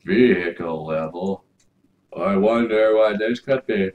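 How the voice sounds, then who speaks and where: A young man giving loud, swearing let's play commentary, swinging between shouts and mumbles. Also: fairly low pitch, slow, narrow, tinny audio. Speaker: gaming YouTuber.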